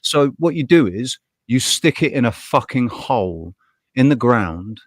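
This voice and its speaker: A man's voice: mid-range voice, sing-song, unhurried, no room sound, studio quality. A man co-hosting a casual live podcast chat, ranting bluntly with frequent swearing, laughing often and restarting his sentences. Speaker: podcast co-host.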